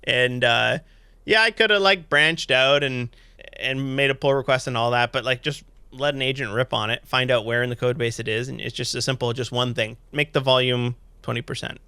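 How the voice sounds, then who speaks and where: A man's voice: medium pitch, moderate pace, clear, resonant tone, no room sound. A man co-hosting a tech podcast in casual chat, rambling with lots of fillers. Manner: rambling, filler-heavy, animated. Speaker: podcast co-host.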